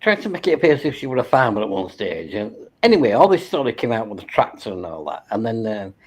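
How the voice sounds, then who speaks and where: On a stream, someone with a mid-range, breathy-edged voice talks fast through casual, reminiscing chat. They tell loose, lively stories, swear freely, and laugh a lot.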